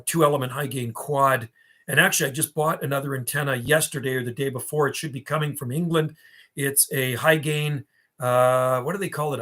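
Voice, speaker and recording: Man in his fifties, livestream host, chatty rambling reminiscer, mid-pitched voice. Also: fairly bright tone. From Canada. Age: 50s. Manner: rambling and reminiscing, answering chat. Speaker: livestream host and radio hobbyist. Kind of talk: casual livestream chat.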